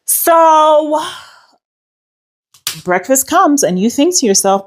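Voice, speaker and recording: A woman's voice: a little high, big pitch swings, slow pace. A woman from New York City with an American accent and a slight British tinge, hosting a casual voice note in a sassy, joking, storytelling way. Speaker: host.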